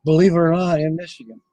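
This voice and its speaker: A man's voice: fairly high pitch, warm tone, no echo, poor audio. A middle-aged man hosting a casual livestream from his RV, rambling and chuckling often as he chats with viewers. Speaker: livestream host.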